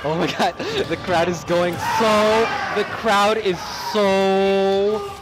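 A young Canadian man doing excited, stammering play-by-play commentary at a loud tournament, shouting over a cheering crowd. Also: high voice, slow pace, very noisy. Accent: Canadian English. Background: crowd cheering and music.

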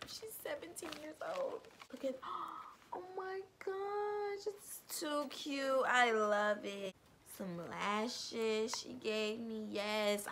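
A woman's voice: medium pitch, creaky, background noise. Bubbly young woman gushing over gifts. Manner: gushing, bubbly, slangy, lots of "like" and "y'all". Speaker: vlogger. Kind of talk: excited unboxing vlog.

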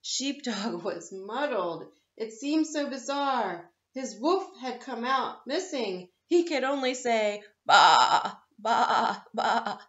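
A woman reads a picture book aloud for children at story time, gentle and playful. Her voice is fairly high and she takes it slowly. The recording is a touch muffled, with noticeable room echo. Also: lively intonation. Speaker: librarian reading for story time. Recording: echoey, slightly dull room.

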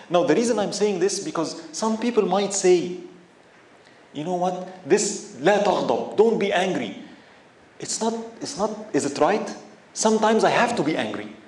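A sheikh giving a religious lecture in English, telling stories, asking the audience questions and mixing in Arabic phrases. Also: male voice, sits high, darkish tone, echoey room. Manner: storytelling, asks the audience questions.

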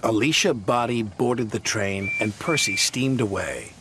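A man narrating a children's storybook in a lively storytelling manner. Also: fairly low pitch, measured pace, background noise. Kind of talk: storybook reading.

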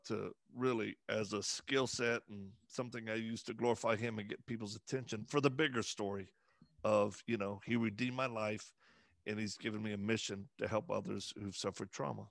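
Man guest, gravelly voice, earnest halting delivery, dry close mic. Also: lowish voice, a bit bright, dry recording. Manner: earnest, halting, many fillers and restarts. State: emotional, voice breaking at times. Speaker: interview guest. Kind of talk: conversational interview.

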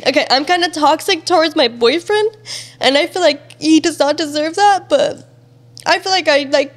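A young woman talks openly and casually as an interview guest. Her voice sits a bit high. She often leans on fillers and sometimes sounds close to tears. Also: moderate pace. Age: young adult. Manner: casual and open, many fillers, near tears at times. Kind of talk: candid interview conversation.

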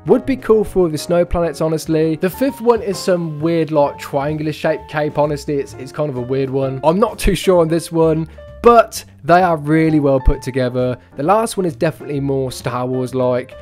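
A young man with a fairly high voice runs through gaming news as a YouTuber, relaxed and chatty. He reads out viewer comments and tosses around "bro" with a casual, conversational voice-over feel, while soft guitar music plays faintly underneath. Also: normal speed.

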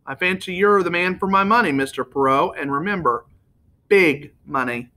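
A wealthy American businessman who talks softly and persuasively, with a faintly nasal edge, voiced by a man reading a novel aloud. The voice sits a little high and sounds bright. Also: normal speed.

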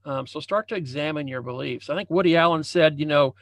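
A man with a fairly high voice gives a relaxed motivational coaching talk over a video call. He keeps circling back and repeating his phrases. The sound is dry and close, with no room echo. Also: a little fast. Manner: conversational, repeats phrases and restarts often. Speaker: leadership and success coach. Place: home room with a banner hung as backdrop.

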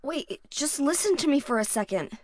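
A woman's voice: sits high, lively intonation, normal speed, crowd noise. An actress playing a determined young woman in a game, terse and guarded. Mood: defiant. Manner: terse, defiant.

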